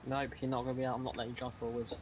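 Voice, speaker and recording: A man's voice: medium pitch, completely flat delivery, racing, a little hiss or hum. A British man teasing his co-player with mock threats during an online farm game session. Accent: British English. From Britain. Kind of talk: casual gameplay banter.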